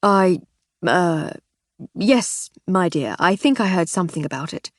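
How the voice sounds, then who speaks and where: A woman's voice: on the low side, expressive, takes it slowly, no echo, studio quality, full character voice. A woman voicing a nervous, stammering middle-aged husband in an audiobook.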